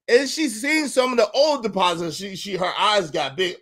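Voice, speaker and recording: Excitable high-pitched man ranting. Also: normal speed. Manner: excitable, repeats phrases, bursts into loud outbursts; indignant, incredulous. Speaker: livestream show host. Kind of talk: animated storytelling rant.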